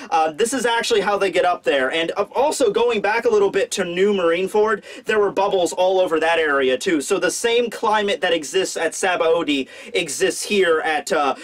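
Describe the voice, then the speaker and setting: A man hosting a casual, animated, joking review of a comic chapter. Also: a little high. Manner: animated, chatty, jokey. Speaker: manga reviewer, channel host.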